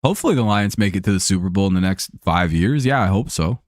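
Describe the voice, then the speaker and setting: A man's voice: low voice, lively intonation, fast, no room sound, studio quality. A young man casually talking sports on a livestream, rambling and swearing with lots of fillers and restarts, answering viewers by name. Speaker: streamer hosting a sports chat show.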